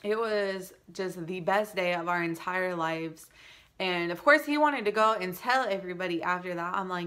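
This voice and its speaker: A young woman vlogger, pregnant, chatting casually through a storytime with many likes and animated asides. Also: on the low side, normal speed.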